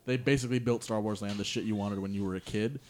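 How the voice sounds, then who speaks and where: A man delivers deadpan, profane remarks in casual podcast banter. His voice sits low, and he talks at a plain, unhurried pace. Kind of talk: casual chat.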